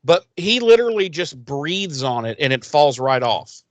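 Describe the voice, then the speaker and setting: A man's voice: on the high side, big pitch swings, normal speed, dry recording. A man co-hosting a podcast, recapping an episode in a rambling, profane way and acting out characters' lines in silly voices. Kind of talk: casual crude recap chat.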